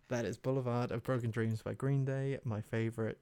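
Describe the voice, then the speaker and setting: A man's voice: mid-range voice, fairly even intonation, fairly quick, hardly any pauses, mellow, clean tone, no echo. A young man chatting casually and self-mockingly, reciting song lyrics half-spoken as he guesses them. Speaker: video host. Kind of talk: casual chat.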